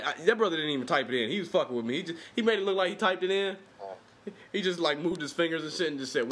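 Animated joking man with an expressive voice. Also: on the high side, quick pace, a little hiss or hum. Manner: loose, joking, slangy storytelling. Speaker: podcast co-host. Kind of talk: casual profane chat.

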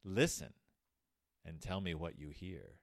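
A man voicing a grumpy, sinister female bear doctor from a storybook, in a low, menacing, sing-song delivery. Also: lively intonation, slow, vocal fry, dry recording, clean studio sound, heavily acted. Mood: creepy.

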